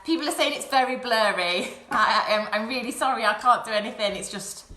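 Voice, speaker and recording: A woman's voice: a little high, fast talker, pushed and bright, echoey room, rough recording. A young woman presenting a live craft session for children from her home, chatty and apologetic. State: out of breath. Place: home, indoors. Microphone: phone or webcam livestream.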